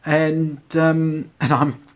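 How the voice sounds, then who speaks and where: A man's voice: fairly high pitch, level tone, drawn-out words. A man in his forties telling a personal story in a casual, rambling, amused way, with many fillers and asides. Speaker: vlogger.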